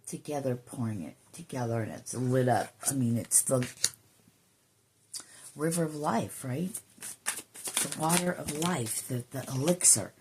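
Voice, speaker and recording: A woman giving an emotional, earnest spiritual card reading, sometimes dropping into soft whispers and swearing casually. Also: extremely low pitch, expressive, unhurried, long pauses, slight background noise. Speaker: intuitive card reader.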